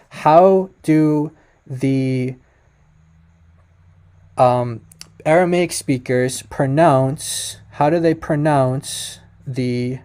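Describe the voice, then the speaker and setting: A man with a dark, mellow tone talks viewers through material on his screen in a loose, conversational way. He hedges and corrects himself as he goes, apologizing whenever he is unsure, and he sits at an average pitch for a man. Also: clean tone. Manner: tentative, self-correcting, apologetic. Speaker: presenter. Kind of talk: casual screen-share explainer.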